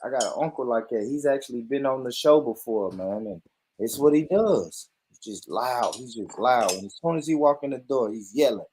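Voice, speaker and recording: A man hosting a show, reacting in casual commentary with loud, profane talk and frequent laughter. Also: medium pitch, expressive, normal speed, a little hiss or hum. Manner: loud, profane, laughs a lot, addresses viewers.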